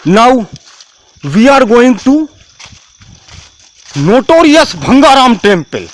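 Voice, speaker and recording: Guy, super high voice, rambles, keeps repeating himself. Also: very animated. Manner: halting, repetitive, restarts phrases. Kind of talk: rambling talk to camera.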